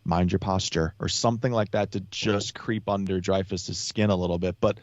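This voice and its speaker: A man's voice: lowish voice, fairly even intonation, normal speed, no echo, muffled recording. A man talking as a podcast guest in a casual chat, rambling with many restarts and fillers.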